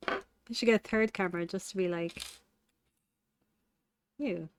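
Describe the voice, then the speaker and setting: A woman's voice: mid-range voice, a little fast, slight background noise. Chatty Cork Irish woman streaming. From Cork, Ireland. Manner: chatty, playful and self-mocking, often laughing. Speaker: live streamer. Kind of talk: casual live-stream chat while crafting.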